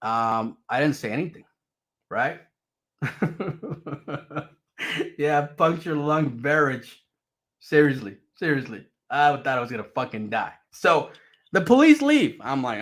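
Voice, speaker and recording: A man's voice: on the high side, unhurried, long pauses. A man telling a personal story in a casual, profane and dramatic way. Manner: profane, animated, dramatic retelling.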